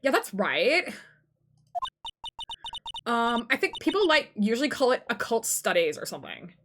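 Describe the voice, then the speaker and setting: A woman's voice: on the high side, sing-song, over music. A woman voicing a ditzy, airheaded young female student in a put-on Valley Girl accent, filling her speech with "like" and "um". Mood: bubbly ditzy. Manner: lots of "like" and "um", halting.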